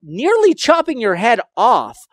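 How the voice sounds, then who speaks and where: A man in a playful debate, boasting and taunting his opponent in an animated way. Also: extremely high pitch, a little slow, no room sound. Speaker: debate contestant. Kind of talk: playful trash-talk debate.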